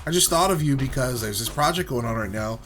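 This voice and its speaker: A man's voice: medium pitch, animated, fast, a bit bright, soft background music. A man co-hosting a gaming show, telling a long, rambling story full of fillers. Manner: rambling, filler-heavy anecdote. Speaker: let's play co-host. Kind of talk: casual storytelling while gaming.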